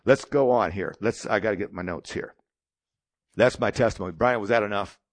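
A man's voice: lowish voice, brisk, no echo. Older man preaching a dry, conversational sermon. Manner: conversational, storytelling, plain-spoken. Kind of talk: sermon with personal testimony.

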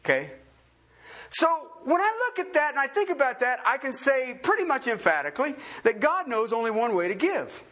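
A male pastor delivers a sermon and keeps turning to his listeners with questions. His voice sits high and bright, with a wide, swooping pitch. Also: normal speed. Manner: animated, asks the congregation many questions.

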